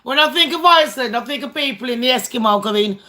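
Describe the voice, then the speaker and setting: Speaking quickly with lively intonation, this British channel host has a slightly high, bright and forceful voice. She chats casually with her livestream viewers, blunt and rambling, and swears freely.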